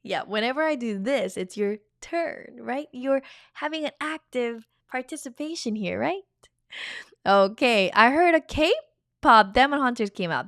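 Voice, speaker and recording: A woman's voice: on the high side, lively intonation, unhurried, fairly bright tone, no echo, studio quality. A woman teaching a language shadowing lesson, modeling phrases with exaggerated intonation.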